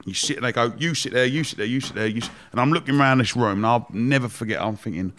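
A man at an everyday pitch, telling his story in easy podcast chat. He talks in an animated way, breaks into laughter often and swears without a second thought. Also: fast talker. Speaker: podcast guest, entrepreneur.

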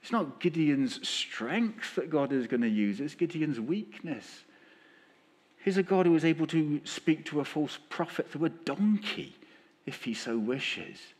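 Lively male preacher. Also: fairly high pitch, unhurried. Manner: lively, with acted-out quotes. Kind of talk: sermon. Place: church.

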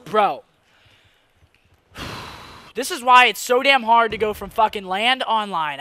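A young man giving casual commentary over his own gameplay, excitable, swearing a lot and laughing between rants. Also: sits high, takes it slowly, pauses often, dry recording. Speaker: gaming YouTuber.

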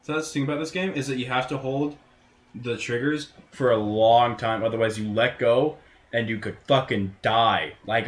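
A man giving casual gameplay commentary, crude and full of swearing, with sudden loud outbursts. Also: mid-range voice, moderate pace. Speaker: let's play gamer. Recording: roomy echo, faint noise.

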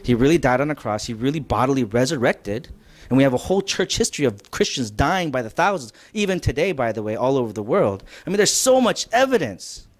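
A man delivering a sermon in a church, speaking at an everyday mid pitch. He talks in a loose, chatty way with asides and questions to the room, then leans hard into his key points. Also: very animated, fairly quick. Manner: conversational preaching, rising to emphatic. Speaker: pastor. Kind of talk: sermon lecture.

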